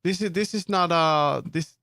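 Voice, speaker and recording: A man on a live stream chats with his viewers as he works, earnest and firm. His voice sits a little high for a man. The sound is close and dry, with no room echo. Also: a little slow, bright, forceful tone. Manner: talks to viewers while working, firm and earnest. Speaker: livestreamer and 3D model customizer. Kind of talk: casual livestream chat, answering chat.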